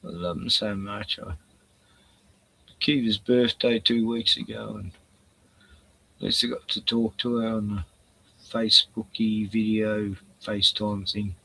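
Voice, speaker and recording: A man's voice: fairly low pitch, fairly even intonation, measured pace, gravelly, long pauses, sharp tone, breathy edge. An older man rambling casually on his livestream, profane and chuckling as he talks to his chat. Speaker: livestream host.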